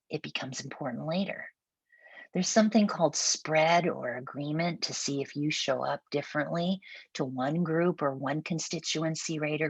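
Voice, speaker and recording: Low gravelly Minnesotan woman presenting. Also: no echo. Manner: conversational, thinks aloud with restarts. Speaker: roundtable facilitator. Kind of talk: webinar presentation.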